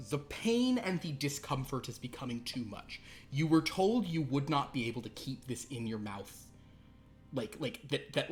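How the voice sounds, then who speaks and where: Rambling man running a horror tabletop game. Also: medium pitch. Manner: loose and rambling, full of fillers. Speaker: game master.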